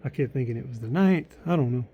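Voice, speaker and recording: A man's voice: medium pitch, lively intonation, quick pace, creaky, muffled recording, slight background noise. A tired man chatting casually to camera about his new book, rambling with lots of likes and restarts.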